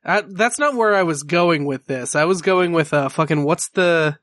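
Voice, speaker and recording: A man narrating as game master of a tabletop game, laid-back and casual, with halting fillers and offhand swearing. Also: a little high, fairly bright tone, no echo.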